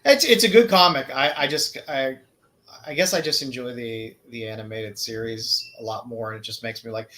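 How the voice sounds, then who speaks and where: A man's voice: mid-range voice, moderate pace, sharp tone, rough recording. A man co-hosting a comic podcast, speaking hesitantly with many restarts. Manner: hesitant, stammering. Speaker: podcast co-host. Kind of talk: casual chat.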